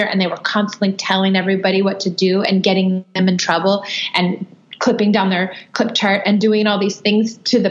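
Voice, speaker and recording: A woman's voice: medium pitch, dull audio. A woman parenting coach as a podcast guest, explaining earnestly in casual chat.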